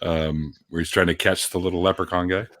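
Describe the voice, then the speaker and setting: A man's voice: low voice, little pitch movement, fairly quick, a bit bright. A man co-hosting a livestream in casual chat, laid-back, swearing and stalling with fillers. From Canada. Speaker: livestream co-host.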